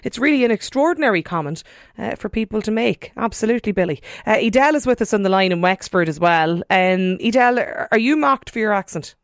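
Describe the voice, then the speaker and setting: Brisk woman hosting a radio show. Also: mid-range voice, expressive, no room sound, studio quality. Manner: brisk, engaged, quick affirmations. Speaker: radio host.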